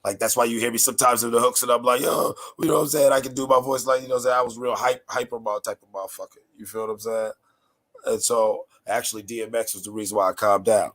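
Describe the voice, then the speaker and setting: A man from North Carolina with a raspy, nasal voice, chatting casually as a podcast host in a laid-back, rambling, slangy way. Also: medium pitch, little pitch movement, fast talker, a bit bright. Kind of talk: casual chat.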